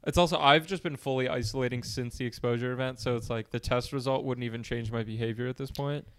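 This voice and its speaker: Rambling anxious man with smooth voice. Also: medium pitch, steady tone, fast talker. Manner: rambling, anxious, self-deprecating. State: congested. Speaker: podcast co-host. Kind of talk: casual chat. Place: room at home.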